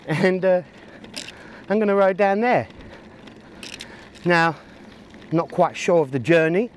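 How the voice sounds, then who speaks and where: A man with a high voice rides his bike outdoors, from country lanes to the city, giving rambling, jokey vlog narration about his route. He talks slowly, pausing often, self-mocking and addressing himself, while faint traffic and outdoor noise carry on behind him.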